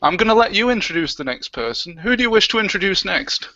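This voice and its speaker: A man hosting a live web show in an excitable, flustered, joking way, talking over a webcam on a video call. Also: sits high, fast talker, lo-fi sound.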